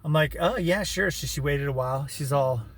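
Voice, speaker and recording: A man's voice: fairly high pitch, moderate pace, husky. A man rambling through a personal story in a casual vlog, full of "you know" and "right", with wry laughing asides. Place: living in his vehicle.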